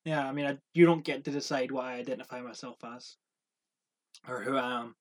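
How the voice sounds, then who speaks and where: A man's voice: mid-range voice, steady tone, a little fast. A man with a Glaswegian Scottish accent, co-hosting a podcast in casual, thoughtful chat. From Scotland. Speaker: podcast co-host.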